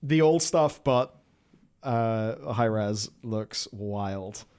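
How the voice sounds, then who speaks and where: A man's voice: lowish voice, extremely slow, a little mellow, clean tone. A man co-hosting a casual live stream, explaining things at length and sarcastic, laughing easily. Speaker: co-host.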